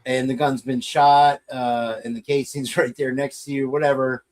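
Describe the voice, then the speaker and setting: A man's voice: medium pitch, flat delivery, moderate pace, darkish tone, poor audio. A middle-aged man co-hosting a podcast in casual, rambling, jokey chat, often distracted by his equipment. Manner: rambling, jokey, distracted while fiddling with gear. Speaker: podcast co-host.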